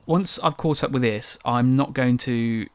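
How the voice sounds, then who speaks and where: Speaking at a measured pace, a young man hosts a solo podcast in a clear, resonant, medium-pitched voice, recorded dry. He's from England, drops his T's in a casual accent, and rambles chattily while correcting himself.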